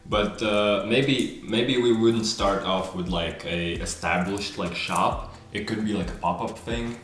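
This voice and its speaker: A man's voice: fairly low pitch, unhurried, fairly bright tone. A man, co-founder of a clothing brand, chatting in a laid-back, agreeable way during a Q&A. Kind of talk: casual Q&A chat. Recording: echoey room.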